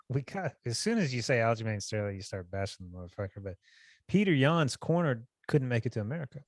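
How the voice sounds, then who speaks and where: Male podcast co-host, mid pitch, dry close sound, blunt and foul-mouthed, heated casual banter. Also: a little fast, no echo. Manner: blunt, profane, animated when mocking others. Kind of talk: casual chat.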